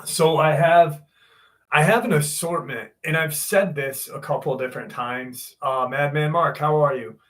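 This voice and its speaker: A man's voice: fairly high pitch, moderate pace, a bit bright. A man hosting a live stream, chatting casually and greeting viewers one by one in a laid-back way.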